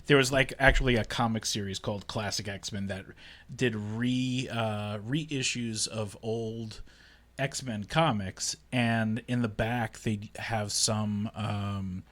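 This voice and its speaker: Halting, easygoing man chatting on a podcast. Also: lowish voice, steady tone, a bit bright. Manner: halting, repeats words, fills with um and uh. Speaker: podcast co-host, theater director. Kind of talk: casual chat.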